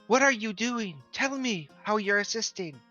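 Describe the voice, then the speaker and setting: A man's voice: high voice, lively intonation, normal speed, sharp tone, dull audio, soft background music, pitched above the performer's own voice. A man voicing a probing woman who leads a ritual and questions each party member. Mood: insistent.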